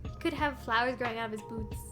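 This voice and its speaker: A woman's voice: on the high side, fast, music in the background. A woman streamer chatting casually as she recaps a game series, rambling with lots of ums and small laughs. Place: home streaming setup.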